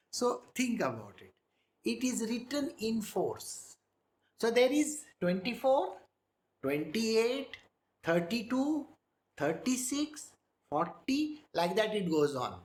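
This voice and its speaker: Man, spiritual teacher, very expressive pitch, roomy echo. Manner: slow, demonstrates pronunciation, asks listeners if they follow. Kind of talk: spiritual discourse.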